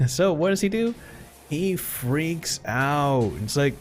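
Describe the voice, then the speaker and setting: Lively blunt male streamer. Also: on the high side, slow, faint music behind. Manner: blunt, animated, laughs often. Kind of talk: casual storytelling while gaming.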